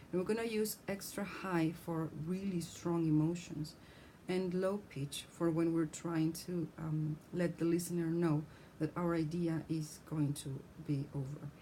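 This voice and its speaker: Woman teacher, lowish mellow voice, clear explanatory lesson delivery, faint background hum. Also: rough recording. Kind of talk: scripted lesson on speech.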